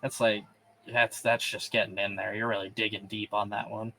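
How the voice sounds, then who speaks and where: A man's voice: fairly low pitch, level tone, moderate pace, vocal fry, bright, forceful tone, a little hiss or hum. A man co-hosting a gaming podcast, chatting casually in a laid-back, offhand way. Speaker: podcast co-host. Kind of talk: casual chat.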